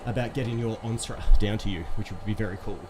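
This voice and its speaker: A man's voice: fairly low pitch, steady tone, quick pace. A man hosting a casual live stream while pedalling an exercise bike, upbeat and quizzing his viewers, a little out of breath.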